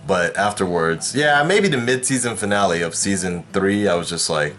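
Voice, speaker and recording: A man's voice: low voice, animated, normal speed, a bit bright. A man hosting his own vlog in casual chat, projecting his voice toward a camera mic some distance away and rambling with lots of fillers and restarts. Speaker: YouTube reaction host.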